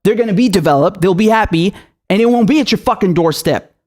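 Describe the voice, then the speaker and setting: A young male political commentator rants in full fury on his own show, swearing constantly and hurling accusing questions at his targets. He talks fast with lively intonation, his voice high for a man, tight with anger and darkish in tone.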